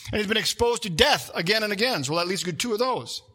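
A man preaching a sermon, animated, reading scripture aloud and talking through a card-game illustration. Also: high voice, quick pace, slightly rough. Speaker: pastor.

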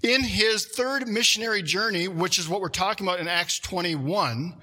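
A man preaching a sermon, animated, reading scripture aloud and talking through a card-game illustration. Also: high voice, normal speed. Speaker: pastor.

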